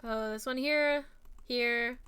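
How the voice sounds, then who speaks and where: A woman's voice: on the high side, fairly even intonation, slow, pushed and bright, clear, resonant tone. A young woman with a New Jersey and Philadelphia-area accent, chatting casually on her stream in a rambling, self-mocking way and giggling often. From New Jersey, USA. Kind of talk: casual chat.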